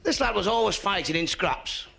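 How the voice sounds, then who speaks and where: A man's voice: high-pitched, lively intonation, moderate pace, vocal fry, heavy background noise. A man telling jokes, chatty, in broad northern dialect. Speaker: stand-up comedian. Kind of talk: joke telling.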